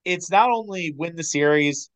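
A man co-hosting a casual sports podcast, opinionated and animated, with quick asides and some swearing. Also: a little high, clean tone, rough recording. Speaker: podcast co-host.

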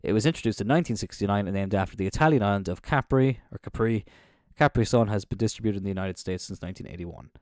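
A man's voice: lowish voice, racing, a little mellow, dry recording, studio quality. A young man from Cork with a Cork Irish accent hosts a casual solo podcast, rambling and chatty, swearing freely and trailing off mid-thought. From Cork, Ireland. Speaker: podcast host. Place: indoors, seated on a squeaky chair.

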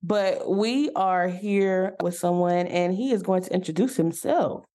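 A woman's voice: on the low side, unhurried, warm tone. A woman hosting a casual podcast interview, chatty and playful, with church-flavored banter. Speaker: podcast host.

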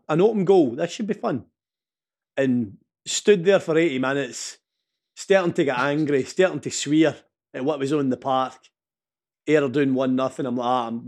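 A man in his thirties with a Scottish accent, co-hosting a casual podcast chat, telling stories with a lot of energy, swearing freely and laughing as he goes. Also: mid-range voice. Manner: animated storytelling, swears freely, laughs mid-story. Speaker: podcast co-host.

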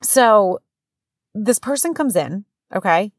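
Podcast host, woman in her 30s, lower register, dry close sound, animated storyteller who swears freely. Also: fairly quick, no echo. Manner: animated, swearing, acts out quotes in raised voices. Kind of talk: casual storytelling.

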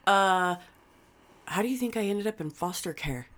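A woman's voice: mid-range voice, normal speed. A young adult woman in casual chat, blunt and emphatic, with lots of swearing.

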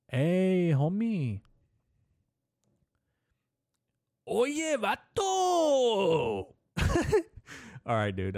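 Brief: male podcast host, rambling profane comic rant, mellow dark tone. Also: on the low side, no room sound, studio quality. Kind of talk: casual comedic rant.

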